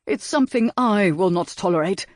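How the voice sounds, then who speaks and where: A man reading an audiobook and voicing a stern aristocratic father with firm, measured speech. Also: high voice, animated, no room sound, clean studio sound.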